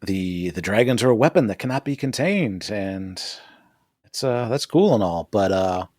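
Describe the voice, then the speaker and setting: A man's voice: lowish voice, expressive, moderate pace, darkish tone, no room sound, clean studio sound. A man co-hosting a podcast, recapping a TV episode in a casual, profane, joking style and laughing often. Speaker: podcast co-host. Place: podcast studio.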